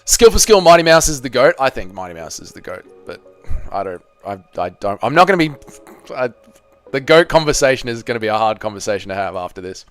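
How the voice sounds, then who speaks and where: A man's voice: fairly low pitch, expressive, fast talker, a bit bright, clear, resonant tone, soft background music. A man hosting a live MMA reaction stream, chatting loosely with viewers and swearing freely.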